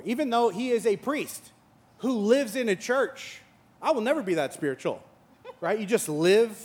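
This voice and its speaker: A male pastor preaching a sermon, mixing playful storytelling and acted-out dialogue with earnest, reflective teaching. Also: sits high.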